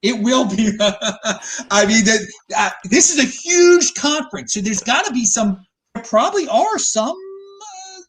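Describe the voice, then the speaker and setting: A man hosting a casual podcast, joking excitably and stumbling over his words. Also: extremely high pitch, a little slow, slight background noise. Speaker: host.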